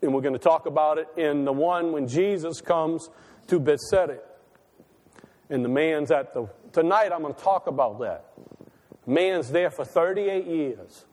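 In a church sanctuary, a preacher delivers a folksy, conversational sermon that rises into impassioned calls. His fairly high voice has a darkish tone, and the hall adds a long reverb.

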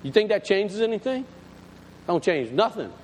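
A man's voice: high voice, big pitch swings, normal speed. A man, a pastor telling a story in a folksy, emphatic sermon to his congregation. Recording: long hall reverb, faint background noise.

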